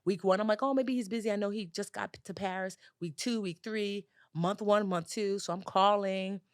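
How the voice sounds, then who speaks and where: As a guest on a podcast, a woman who teaches personal finance tells a story in a conversational interview, animatedly acting out dialogue with large leaps in pitch. She speaks at a normal speed in a clear, resonant tone, recorded dry in studio quality.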